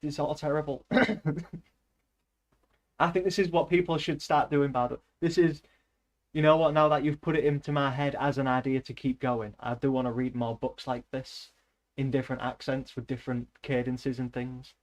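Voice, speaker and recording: A man's voice: mid-range voice, fairly even intonation, moderate pace. A man chatting casually, rambling, laughing often and swearing between bits of reading aloud. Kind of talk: casual chat.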